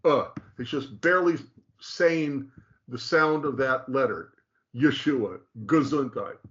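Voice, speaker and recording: A man's voice: medium pitch, slow pace, a bit bright, lo-fi sound. A man teaching in a conversational way, emphatic and repetitive, often checking in with "okay?". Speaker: teacher explaining Hebrew.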